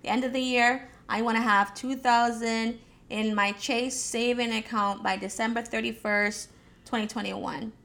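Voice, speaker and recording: A Jamaican woman gives a casual motivational talk on setting goals and budgeting, encouraging her listeners and speaking to them directly. Her slightly high, fairly bright voice has vocal fry, fairly even intonation, and a measured pace. She stumbles, restarts, repeats words, and leans heavily on "um" and "you know."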